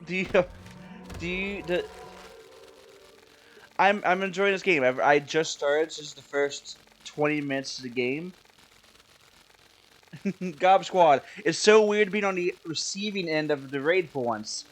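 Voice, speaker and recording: Brief: casual game streamer, man from Maryland, chatty with chat, slightly high voice. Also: a little slow, long pauses. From Maryland, USA. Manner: rambling, self-deprecating, chatty with viewers. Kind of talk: casual live-stream chat while playing.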